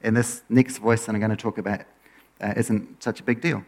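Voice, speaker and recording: A man preaching a conversational sermon as a pastor, relaxed, often letting his phrases trail off quieter at the end. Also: fairly low pitch, fairly quick.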